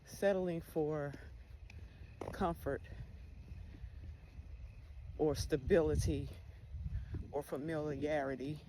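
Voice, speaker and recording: A woman's voice: low voice, steady tone, takes it slowly, long pauses, dark tone. A woman giving a candid personal monologue, blunt and full of cursing as she talks about faith. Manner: blunt, heavy cursing, spiritual talk. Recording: noisy background hiss.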